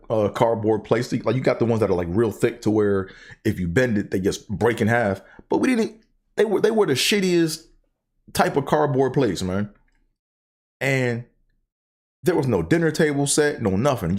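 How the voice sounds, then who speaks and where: A man's voice: mid-range voice, a little mellow. A man hosting his own show, telling stories in a casual, profane, joking monologue. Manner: profane, laughing storyteller. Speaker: host.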